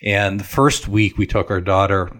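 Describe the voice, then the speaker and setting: A man's voice: lowish voice, level tone, normal speed, fairly bright tone. A man in his thirties or forties, a financial advisor, talking conversationally on a podcast with plenty of fillers. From Northeast Ohio. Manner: conversational, explanatory, many fillers. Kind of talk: casual podcast chat.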